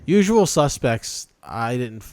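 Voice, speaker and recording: A man's voice: mid-range voice, no echo, studio quality. A man co-hosting a casual podcast, arguing his movie picks emphatically. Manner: animated, emphatic, quick to argue his picks. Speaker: podcast co-host.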